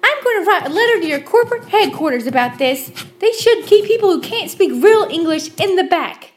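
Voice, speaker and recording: A woman voicing a shrill, haughty woman customer who scolds and lectures condescendingly. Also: lively intonation, fairly quick. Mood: indignant scolding.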